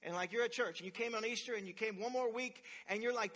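Man preaching, animated storyteller, high bright voice, long hall echo. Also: fast talker, few pauses. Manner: animated storytelling, acts out quotes loudly. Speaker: pastor. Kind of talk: sermon. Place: church sanctuary.

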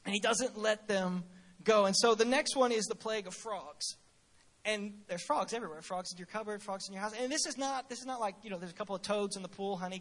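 A man preaching a sermon, telling stories in an animated, humorous way and often repeating words at the start of his phrases. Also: very high-pitched. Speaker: pastor.

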